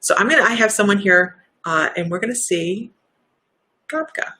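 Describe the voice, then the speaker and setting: A woman hosting a livestream as a psychic healer, chatty and effusive, laughing often and talking in quick bursts. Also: medium pitch, lively intonation, sharp tone. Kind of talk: casual livestream chat.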